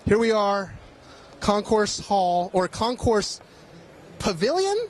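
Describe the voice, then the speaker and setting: High-voiced joking man walking a convention. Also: big pitch swings, takes it slowly, slight background noise. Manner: joking, rambling, swears casually. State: tired, a bit out of breath. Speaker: live stream host. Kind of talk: casual walk-and-talk chat. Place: busy convention hall.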